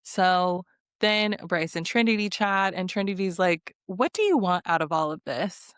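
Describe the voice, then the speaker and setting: A woman recaps a reality dating show in a loose, chatty rant, her voice sitting a little low. She gets exasperated, swears freely and laughs as she quotes the cast. The sound is dry and close, with no room around it. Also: a little slow, clean tone, no room sound. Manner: animated, exasperated, swearing, laughing, quoting people. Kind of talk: casual recap commentary.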